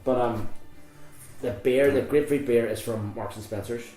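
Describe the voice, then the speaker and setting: A man's voice: mid-range voice, normal speed, mellow, roomy sound, soft background music. A young man from Ireland, hosting a casual podcast chat, rambling and laughing often. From Northern Ireland. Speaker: podcast host.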